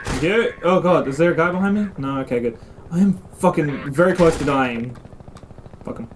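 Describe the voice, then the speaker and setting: A young man rambles and swears through a let's play, his voice leaping high when startled. He speaks fairly high, with a lively, bouncing delivery, recorded at home on a desk mic with a faint hum behind him. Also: normal speed. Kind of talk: casual gameplay commentary. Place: home room. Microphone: desk mic and camera mic.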